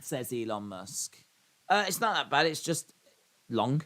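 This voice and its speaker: A man hosts a live watch-along stream, reading chat messages and answering them in a loose, rambling way. His voice is bright and forward, and he pokes fun at himself. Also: a little high, lively intonation, slow. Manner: rambling, self-deprecating.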